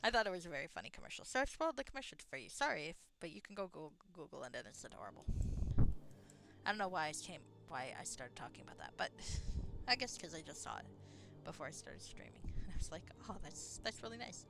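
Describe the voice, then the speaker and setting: A woman's voice: sits low, big pitch swings, fast, gravelly, over music. A woman streaming a video game, talking in a rambling, chatty way, swearing casually and laughing often. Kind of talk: casual rambling commentary while playing.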